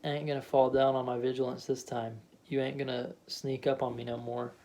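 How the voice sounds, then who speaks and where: A man voicing a stubborn, defiant middle-aged husband who talks gruffly in clipped dialect. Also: medium pitch, level tone, brisk, dark tone, slight background noise, close to an everyday voice.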